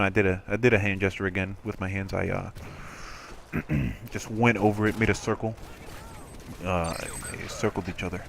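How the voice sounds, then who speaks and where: Rambling, animated male game commentator. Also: fairly low pitch, a little hiss or hum. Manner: animated, rambling storyteller with frequent restarts. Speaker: gameplay commentator. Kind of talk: casual game commentary storytelling.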